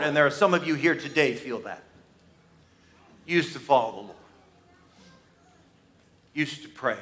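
Forceful, dramatic preaching man. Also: a little high, normal speed, pauses often. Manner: dramatic storytelling, swinging between loud outbursts and hushed asides; acts out quoted voices. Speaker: pastor. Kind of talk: Easter sermon.

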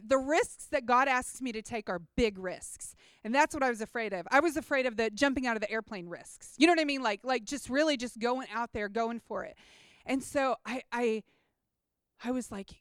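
A woman gives a personal faith testimony in a casual, heartfelt way, full of "like"s and restarts. Her voice sits high and sounds smooth and clear. The recording is dry and close. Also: a bit bright, dry recording. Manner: casual and earnest, lots of "like" and restarts. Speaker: mission trip team member.

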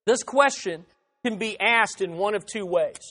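A man's voice: high-pitched, a little slow, pushed and bright. A man preaching an expository sermon, emphatic, repeating phrases and acting out the objections he quotes. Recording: reverberant hall.

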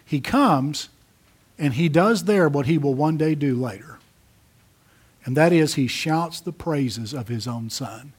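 A man preaching a sermon, emphatic, rising to loud peaks and dropping to soft asides. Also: a little high, animated, unhurried, breathy edge. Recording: audio of a church sermon.

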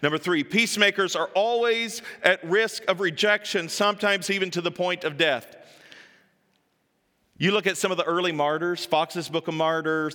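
A male pastor preaching with a bright, forceful, somewhat high voice. He tells the story in a lively way, acting out each voice and rising to emphatic peaks. The sound carries a long reverb, as in a church hall. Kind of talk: sermon.

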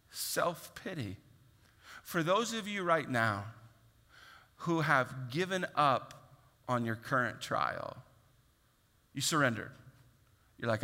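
A man's voice: mid-range voice, bright, forceful tone. A man preaching a sermon in an earnest, conversational way, often acting out what people say. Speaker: pastor. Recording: long hall reverb.

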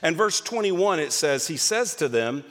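Animated male preacher in a reverberant hall. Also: fairly high pitch, normal speed. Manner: animated, emphatic preaching with restarts. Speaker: pastor. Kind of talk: sermon.

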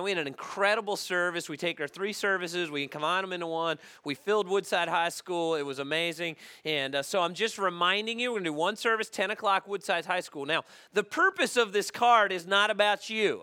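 A man's voice: high voice, pushed and bright, clear, resonant tone. A male pastor, preaching a conversational sermon and often checking in with "okay?".

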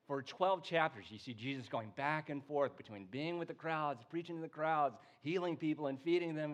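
A pastor preaching a sermon in a relaxed way, with joking asides, slowing down for emphasis. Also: male voice, on the high side.

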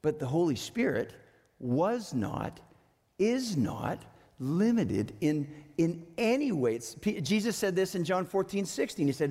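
A male pastor delivers a sermon in a church sanctuary, talking to the congregation in a lively, conversational way and slipping in playful asides. His pitch rises and falls widely, and his voice rings with the long reverb of a large hall. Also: a little slow, breathy edge.

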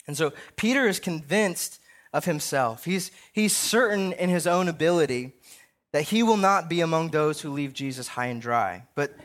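Younger male pastor, slightly high voice, casual sermon delivery with frequent "right?" tags. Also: moderate pace, a bit bright.

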